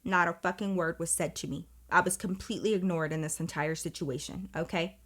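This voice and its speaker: A woman vlogger telling a dramatic personal story in casual, profane, animated speech. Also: lowish voice, fairly quick. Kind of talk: storytime vlog, casual chat.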